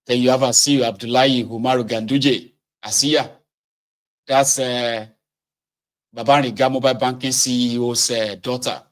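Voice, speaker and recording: A man's voice: medium pitch, fairly even intonation, normal speed. A man hosting a casual political commentary show, speaking sardonically and emphatically.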